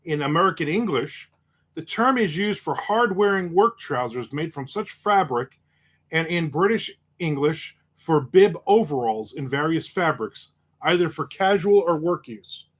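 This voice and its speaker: A man chats on a casual livestream, picking up viewer comments and firing back quick jokes. His voice sits a bit above the usual male range, relaxed and conversational. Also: a little high. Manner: joking, quick asides. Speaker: host.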